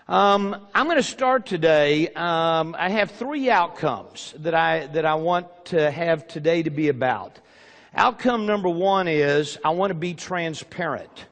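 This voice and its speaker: A man giving a seminar talk from a stage to a live audience, emphatic and thankful, repeating his phrases. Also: a little high. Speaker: seminar speaker. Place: large hall with a live audience. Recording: long hall reverb, faint crowd.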